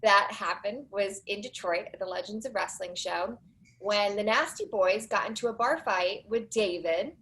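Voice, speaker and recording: A woman's voice: mid-range voice, poor audio. Chatty woman telling a long story. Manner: animated storytelling, quick asides. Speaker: podcast guest, documentary producer. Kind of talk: casual interview chat.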